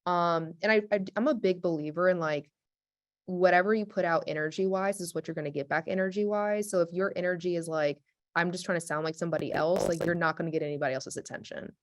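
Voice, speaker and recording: A woman speaking as a webinar panelist, chatty and energetic, with many fillers like "like". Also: fairly low pitch, quick pace. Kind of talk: casual panel discussion.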